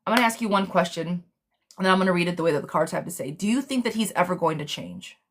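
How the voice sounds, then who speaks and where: A woman hosting a casual live tarot reading for viewers. She talks bluntly and excitably, using pet names and swearing. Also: fairly low pitch, fast talker, a little hiss or hum.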